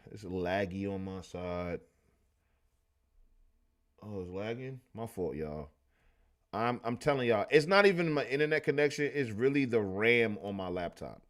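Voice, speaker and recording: Profane, slangy man hosting a livestream. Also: lowish voice. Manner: loose, profane, slangy storytelling. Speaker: livestream host. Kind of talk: casual livestream commentary.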